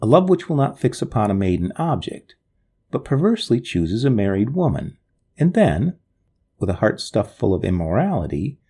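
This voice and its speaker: A man narrating an old story in the first person, in a dramatic, expressive way. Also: on the low side, normal speed, slightly rough.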